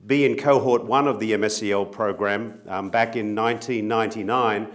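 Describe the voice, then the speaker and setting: This middle-aged Australian man, a company CEO, speaks to an audience at medium pitch. His speech is earnest, with a gently self-mocking touch.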